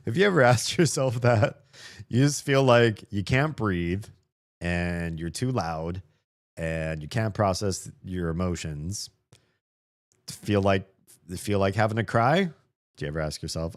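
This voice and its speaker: A man hosting a let's play, reading the game's text aloud and commenting on it in a playful way, with frequent laughs and soft mumbled asides. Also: low-pitched, unhurried, long pauses.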